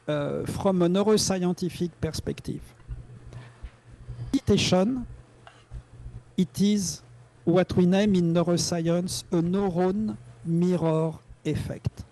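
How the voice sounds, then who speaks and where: Slow, gravelly French-accented man teaching. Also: high voice, dark tone. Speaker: meditation teacher. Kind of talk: live online class. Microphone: video call.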